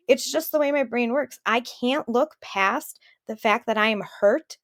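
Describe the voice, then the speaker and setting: A woman's voice: fairly high pitch, measured pace, hardly any pauses, a bit bright. A woman in her thirties co-hosting a podcast, telling personal stories in a candid, emotional way. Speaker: podcast co-host. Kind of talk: casual chat.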